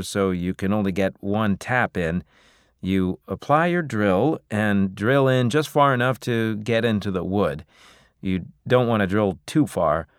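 A man's voice: fairly low pitch, smooth, dry recording, clean studio sound. A man voicing a practical maple-tapping specialist who explains things step by step. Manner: matter-of-fact explaining.

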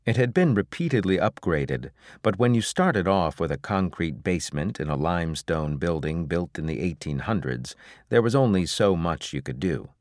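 Low-voiced man narrating an audiobook. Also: animated, moderate pace, a little mellow, no echo, studio quality. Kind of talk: scripted narration.

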